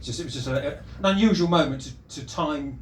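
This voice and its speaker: A man's voice: on the high side, fairly quick. A man doing stand-up crowd work, teasing the audience with rambling, stammering restarts in a live comedy club. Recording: echoey club, mic at a distance, loud noise.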